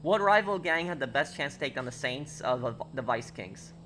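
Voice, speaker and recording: A man's voice: medium pitch, lively intonation, normal speed, bright, forceful tone, slight background noise. A man streaming a game, chatting casually with viewers and reading chat aloud, with lots of fillers and restarts. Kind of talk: casual live-stream chat while gaming.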